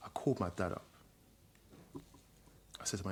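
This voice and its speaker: A man's voice: deep voice, fairly even intonation, moderate pace, darkish tone. A middle-aged man, a guest, candidly telling a personal story in a reflective way. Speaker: guest, social worker.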